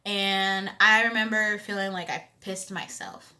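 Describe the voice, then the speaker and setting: A young woman in her twenties telling a personal story in a casual vlog, expressive and conversational, with loud emphatic bursts. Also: medium pitch, a little slow. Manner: animated storytelling with frequent "you know what I'm saying". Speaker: vlogger.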